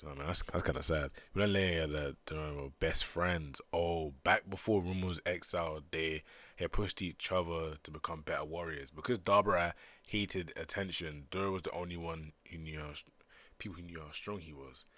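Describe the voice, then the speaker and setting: A man's voice: low-pitched, a bit bright, no echo. A man on a casual stream reading comic panels aloud and reacting to them as he goes. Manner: reads panels aloud with quick reactive commentary.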